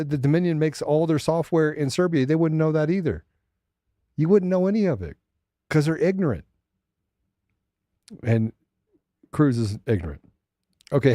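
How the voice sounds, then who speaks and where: Dark-voiced man ranting as show host. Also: fairly high pitch, dry recording, studio quality. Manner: ranting, mocking asides. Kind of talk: political commentary show.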